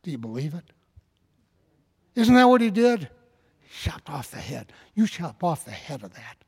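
A man preaching a sermon in a folksy, conversational way that rises into fervent, loud passages. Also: fairly high pitch, sing-song, normal speed, gravelly, pauses often, breathy edge, long reverb tail.

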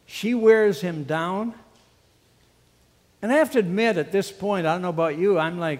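A male preacher retelling a story in an animated, conversational sermon with personal asides. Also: sits high, normal speed, long pauses, in a large hall.

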